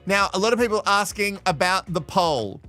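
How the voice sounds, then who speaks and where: A man's voice: sits high, animated, normal speed, pushed and bright, soft background music. A man from Australia hosting a live show from home in playful, teasing casual commentary. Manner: chatty, playful, teasing, laughs often. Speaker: host.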